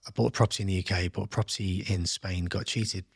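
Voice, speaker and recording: Gravelly, husky man telling his story. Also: deep voice, fast talker, dry recording, studio quality. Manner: animated, acts out quoted voices. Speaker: podcast guest, entrepreneur. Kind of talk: casual interview storytelling.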